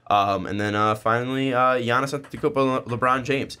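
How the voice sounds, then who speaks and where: A man's voice: mid-range voice, fairly even intonation, a little fast, pushed and bright, clear, resonant tone. A young man co-hosting a sports podcast, talking casually with many fillers and restarts. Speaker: podcast co-host.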